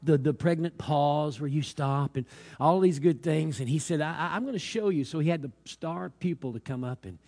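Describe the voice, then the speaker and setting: A man's voice: fairly high pitch, normal speed, darkish tone. A man preaching a sermon, telling stories and building to fervent exhortation, with many repeated hallelujahs.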